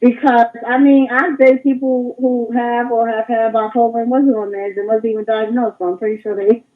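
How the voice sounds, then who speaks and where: A woman's voice: on the high side, level tone. A woman co-hosting a live radio stream, speaking thoughtfully and picking her words with care. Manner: thoughtful, measured, chooses words carefully. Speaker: radio show co-host. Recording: phone-like narrow sound.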